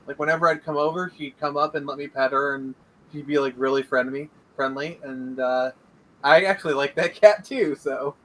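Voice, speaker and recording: A man's voice: on the high side, fairly even intonation, normal speed, a bit bright, poor audio. A young man talking casually as a guest on a livestream, rambling with many fillers. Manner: rambling, hesitant, lots of fillers. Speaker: guest comic creator.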